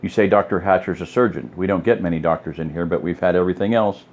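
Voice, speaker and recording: A man's voice: sits low, fast, darkish tone, dull audio, natural voice. A man reading the lines of an efficient young woman aid worker in an audiobook, in a slightly raised voice. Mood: brisk. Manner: efficient, industrious.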